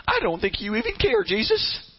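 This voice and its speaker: A man voicing an overworked, indignant woman, complaining shrilly with drawn-out emphasis. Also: very high-pitched, wildly swooping pitch, breathy edge, pitched above the performer's own voice, exaggerated voice. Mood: pleading. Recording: dull lo-fi sound.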